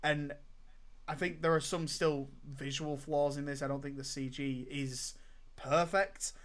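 Emphatic man, slightly high voice. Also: fairly even intonation, a little slow, a bit bright. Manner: enthusiastic, emphatic, repeats words when starting. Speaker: podcast co-host. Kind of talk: casual film review chat.

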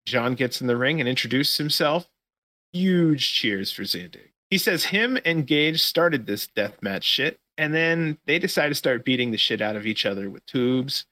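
A man's voice: mid-range voice, lively intonation, normal speed, bright, forceful tone, dry recording. A man hosting a podcast, casually recapping events in a rambling, profane play-by-play. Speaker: podcast host.

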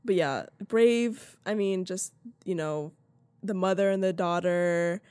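A woman's voice: on the low side, steady tone, slow pace, darkish tone, clean tone, no room sound, studio quality. A young woman co-hosting a podcast in casual chat, rambling with lots of fillers. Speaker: podcast co-host.

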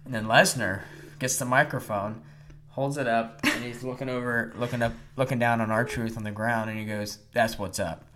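A man co-hosting a casual chat, retelling events with animated energy and laughter. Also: mid-range voice, normal speed, noisy background. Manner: animated storyteller, acts out quotes with laughs. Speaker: podcast co-host. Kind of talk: casual chat recapping wrestling.

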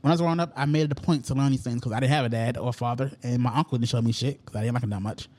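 A man's voice: mid-range voice, very fast, a little mellow. A young adult man hosting a casual talk show, telling stories in a profane, exasperated way. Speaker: podcast host. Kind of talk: casual chat.

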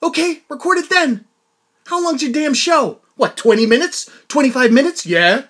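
A man hosting his own podcast, telling a story in a casual chat, excitable and swinging from loud laughing outbursts to low mutters. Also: moderate pace. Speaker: podcast host. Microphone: podcast mic.

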